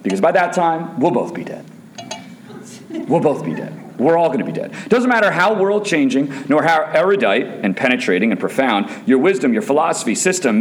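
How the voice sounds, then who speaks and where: A man preaching a sermon to a church, emphatic and fired up, hammering home rhetorical questions and repeating lines. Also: medium pitch.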